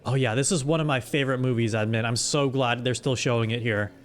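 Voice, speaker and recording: A man hosting a live stream, chatting casually in role-play and telling his companion to keep quiet. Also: medium pitch, steady tone, fast talker. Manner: laid-back, mildly exasperated, hushed scolding. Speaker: streamer host.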